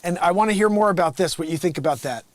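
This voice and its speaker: Joking guy on a livestream, kinda high voice, riffing on bible stuff. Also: quick pace, no room sound. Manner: animated, joking, laughs often. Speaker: livestream host. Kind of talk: casual livestream Bible commentary.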